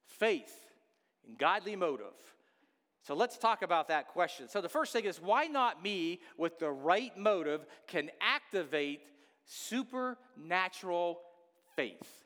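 A man preaching a sermon as pastor, repeating key phrases with animated delivery. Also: sits high, slow, long reverb tail.

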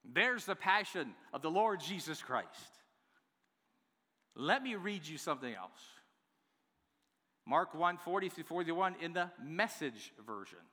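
A man preaching a sermon to his church, swinging between hushed, drawn-out lines and loud, emphatic ones. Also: fairly high pitch. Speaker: pastor. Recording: long hall reverb.

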